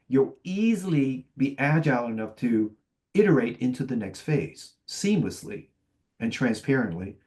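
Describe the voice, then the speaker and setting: A man's voice: mid-range voice, darkish tone. A man speaking as a sales executive on a panel, telling stories with confident, punchy delivery and dry humour. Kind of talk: panel discussion, storytelling.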